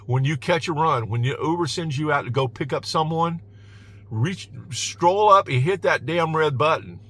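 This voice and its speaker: Emphatic man with a bright voice. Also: on the high side, animated, normal speed. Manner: emphatic, repeats "all right?" often; chuckles between points. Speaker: rideshare driver giving advice. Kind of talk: casual vlog advice. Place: inside his car.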